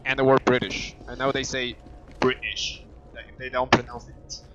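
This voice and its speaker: A gaming streamer with a heavy Spanish accent chats casually while playing, thinking aloud and frequently restarting his sentences. His medium-pitched voice is completely flat and brisk, and the lo-fi recording carries background noise and game music.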